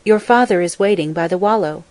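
A woman's voice: fairly low pitch, fairly quick, darkish tone, no echo, close to an everyday voice. A woman voicing a helpful magpie in a folk tale, matter-of-fact. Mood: plain.

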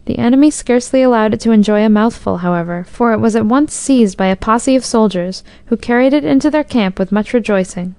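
A woman narrating a storybook in a measured, expressive reading. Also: a little high, smooth, dry recording.

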